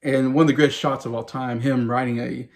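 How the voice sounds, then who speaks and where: A man in his forties talks about a favorite film in a loose, unscripted way. He sounds eager and gushing, and he keeps circling back with plenty of "you know" and "uh" as he goes. His pitch sits in an ordinary middle range. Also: steady tone, a little fast. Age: 40s. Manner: enthusiastic, rambling, many fillers. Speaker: movie review vlogger. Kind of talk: casual film review monologue.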